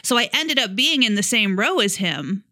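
A woman in casual podcast chat whose voice is bright and a little higher than most. The sound is dry and close. She tells her story bluntly and swears freely. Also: big pitch swings, moderate pace, no echo. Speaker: podcast co-host.

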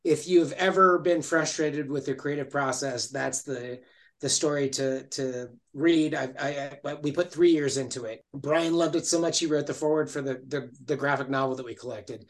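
Male podcast guest, higher-pitched, animated and stammering, casual chat. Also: normal speed. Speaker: guest comic writer.

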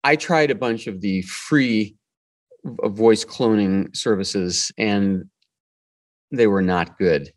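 A man's voice: fairly low pitch, slow, no echo, studio quality. A man hosting a podcast, narrating his script in a wry, playful way. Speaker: podcast host.

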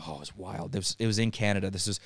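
A man's voice: fairly low pitch, fairly even intonation, racing, no room sound. A young man from Ireland, a podcast guest, telling a story in casual chat, acting out quotes, swearing freely and laughing often.

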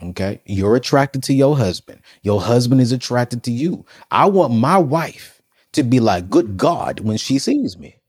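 Male guest, animated, sermon-like cadence, emphatic with rhetorical questions, wide swinging pitch. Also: unhurried, husky. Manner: preacherly, fires off rhetorical questions; energetic and emphatic, acts out scenes. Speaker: podcast guest. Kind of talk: faith-based advice in conversation.

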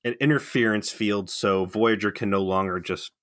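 This podcast co-host is a man with a fairly low pitch and fairly bright tone, talking at normal speed. The recording is dry with clean studio sound as he rants casually, incredulous and swearing.

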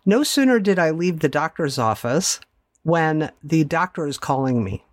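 A woman's voice: low voice, expressive, moderate pace, no room sound. Candid woman telling her story, dry sound. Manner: candid, conversational, wry asides. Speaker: podcast host. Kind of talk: personal storytelling monologue.

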